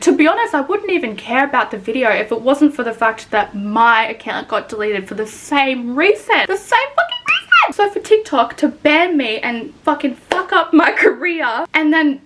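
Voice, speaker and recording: Fed-up young woman ranting to camera. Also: high voice. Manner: frustrated, swearing often, swings into loud outbursts. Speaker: content creator. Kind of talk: candid vlog rant.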